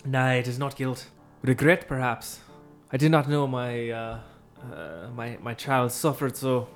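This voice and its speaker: A man's voice: mid-range voice, measured pace, faint music behind, natural voice. A man doing a regretful old king in put-on Irish. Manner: theatrical, archaic speech. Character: weeping old king, grandiose and evasive.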